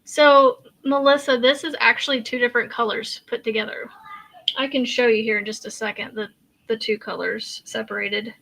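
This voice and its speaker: A woman's voice: a little high, steady tone, moderate pace, vocal fry, a bit bright. A woman from Kansas hosting a crochet live stream, chatting casually, laughing often and answering viewer comments as she works. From Kansas, USA. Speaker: crochet channel host.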